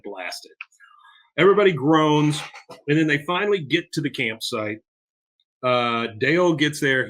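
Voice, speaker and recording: Bright-voiced man recapping a cartoon episode. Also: mid-range voice. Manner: animated, acts out quotes. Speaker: podcast co-host.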